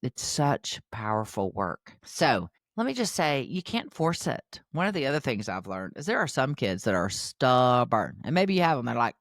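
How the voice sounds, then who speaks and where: A woman's voice: rumbling low, sing-song, measured pace, dry recording, studio quality. A woman hosting a parenting podcast, talking to parents in an earnest, chatty way and calling them "you guys.". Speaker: podcast host, parenting educator. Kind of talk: casual podcast talk to parents.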